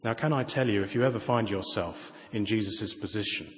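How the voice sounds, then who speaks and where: A man preaching a sermon, moving from raised, emphatic lines to quiet, intimate asides and pointed rhetorical questions. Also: on the low side, fairly quick, a little hiss or hum. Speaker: pastor. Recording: long reverb of a large hall.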